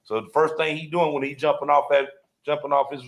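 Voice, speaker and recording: A man's voice: on the high side, little pitch movement, brisk. Man, motorcycle club member, podcast co-host; laid-back, explains patiently. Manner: laid-back, explaining with repeated "you know what I mean". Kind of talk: casual podcast chat.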